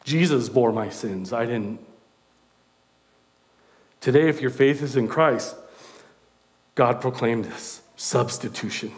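A male preacher delivers a sermon at a middle pitch. He talks conversationally and with animation, breaking in with self-deprecating asides. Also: takes it slowly, long pauses.

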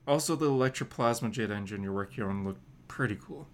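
A man voicing an earnest young male hero in a plain, low-key reading. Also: quick pace, a little hiss or hum, lightly acted. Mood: casual.

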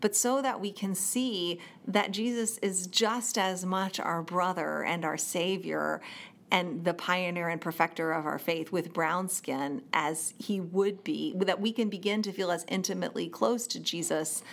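Woman chatting on a podcast mic, lively, acts out voices as she tells stories. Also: on the low side, measured pace, creaky. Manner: animated storyteller, acts out quoted voices. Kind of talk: casual conversation. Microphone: studio microphone.

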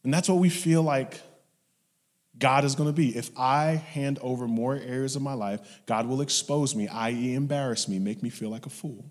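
A man preaching a sermon, telling stories and acting out his parents, dropping to hushed whispers and rising to loud shouts. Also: mid-range voice, steady tone, normal speed, hardly any pauses. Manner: storytelling, acts out family members in his anecdotes. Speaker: pastor. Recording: long hall reverb.

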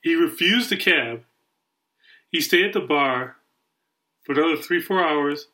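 A slightly high male voice, measured in pace, comes through a low-quality recording. The podcast co-host tells a long, casual story with lively energy, performing the voices of the people involved.

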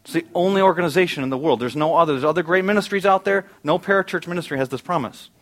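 A man's voice: fairly high pitch, very fast. Man preaching a conversational sermon. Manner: conversational preaching with rhetorical questions. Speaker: pastor. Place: dark church auditorium.

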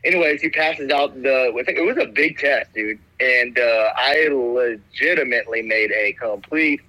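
A man's voice: medium pitch, moderate pace, pushed and bright, no echo, rough recording. A young man telling a rambling story in casual chat, laid-back, calling everyone "dude". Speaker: guest telling stories.

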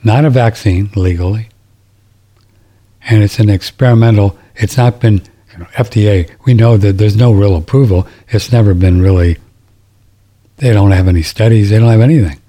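Middle-aged male radio host, low husky voice, rambling and riled up, restarts a lot. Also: moderate pace, dark tone. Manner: rambling, indignant, restarts sentences. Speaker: radio talk show host. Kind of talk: casual talk radio monologue.

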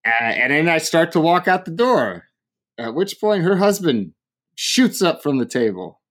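A man's voice: fairly high pitch, unhurried. A man telling a funny story in casual talk, acting out the people he quotes and laughing as he goes. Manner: animated, acts out quoted people, laughs often.

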